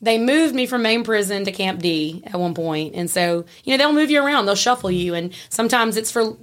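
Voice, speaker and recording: A woman's voice: mid-range voice, expressive, a little fast. A woman, a podcast guest telling chatty stories and laughing often. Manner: chatty, laughs often, acts out quoted voices. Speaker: podcast guest, former prison worker. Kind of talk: casual storytelling.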